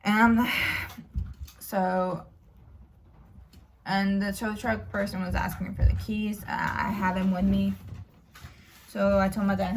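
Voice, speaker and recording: A woman's voice: on the high side, expressive, measured pace, long pauses, a little hiss or hum. A young woman telling a personal story in a rambling, stressed way, often swearing and apologizing. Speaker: vlogger.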